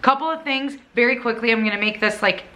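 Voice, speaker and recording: Bright-voiced, chatty Minnesotan woman. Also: fairly high pitch, quick pace. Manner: rambling, self-correcting, eager. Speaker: cleaning vlog host. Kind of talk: chatty video intro to camera.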